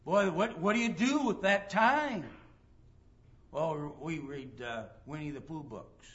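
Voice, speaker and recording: A man's voice: a little high, takes it slowly, a bit bright, lo-fi sound. Emphatic man preaching a sermon. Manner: emphatic preaching, reads scripture aloud, acts out quoted dialogue.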